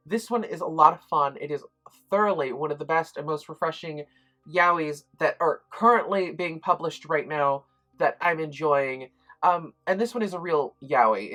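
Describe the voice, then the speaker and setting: A woman with a somewhat low voice talks through a book review in a casual, chatty way. She sounds enthusiastic and often pauses on ums and restarts her sentences. Soft music plays faintly underneath.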